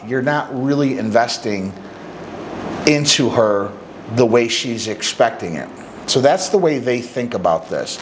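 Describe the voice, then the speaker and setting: A man's voice: mid-range voice, expressive, measured pace, slight background noise, low-quality recording. A middle-aged man, a dating coach, giving blunt, emphatic advice to men straight to the camera and acting out little bits of dialogue. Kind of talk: direct-to-camera advice talk.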